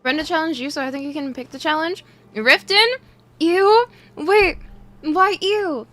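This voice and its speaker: Unhurried and a bit bright, a young woman's high voice greets her stream's viewers repeatedly as she plays a game and chats casually, slightly muffled by the cough drop in her mouth.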